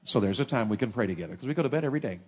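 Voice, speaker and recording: A man's voice: medium pitch, very fast, slightly rough. Folksy preacher man. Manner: folksy, animated storytelling with humor. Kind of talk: sermon.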